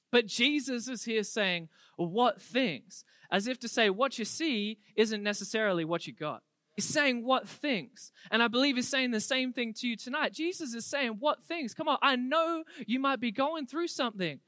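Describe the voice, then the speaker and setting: A young adult preacher giving an energetic, humorous youth sermon that builds to fervent emphasis. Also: medium pitch, normal speed, dry recording.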